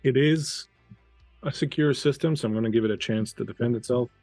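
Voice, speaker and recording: French-native guy gm, rambly uhs and likes, dry close mic, soft music bed. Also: mid-range voice, a little fast, no echo. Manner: loose, chatty, many fillers. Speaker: game master. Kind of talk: narrating a tabletop game.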